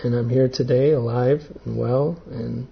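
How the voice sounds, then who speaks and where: A man giving an earnest personal testimony to a group, halting and full of fillers. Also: mid-range voice, steady tone, creaky, husky, muffled recording. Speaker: speaker giving a talk.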